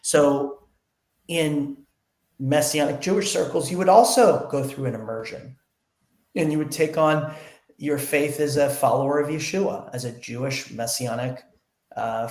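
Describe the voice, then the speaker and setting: A man's voice: medium pitch, darkish tone. A man being interviewed, explaining earnestly in casual conversation and retelling bits of dialogue. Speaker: interview guest. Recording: echoey room.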